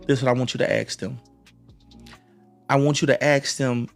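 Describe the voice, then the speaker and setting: A man's voice: medium pitch, flat delivery, normal speed, gravelly, faint music behind. A man hosting a live stream, giving relationship advice in a preachy way, repeating phrases and restarting often. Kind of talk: motivational live-stream talk.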